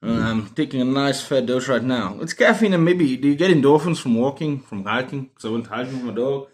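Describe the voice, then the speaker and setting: A man's voice: medium pitch, expressive, a little fast. A man hosting his own book vlog, talking in a jokey, erratic, rambling way after lots of caffeine. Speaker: book vlogger host. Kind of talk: rambling casual monologue. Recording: roomy echo.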